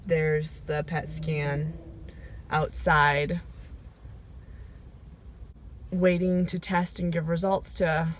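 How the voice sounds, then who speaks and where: A woman recording a personal video diary, talking reflectively and emotionally, pausing often with fillers as she goes. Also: low voice, slight background noise. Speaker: vlogger. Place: sitting in her car. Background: rain.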